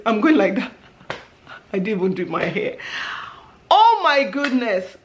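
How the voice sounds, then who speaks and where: Lively, laughing woman storyteller. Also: medium pitch. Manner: expressive, laughs often, acts out exclamations. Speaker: vlog host. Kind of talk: animated storytelling.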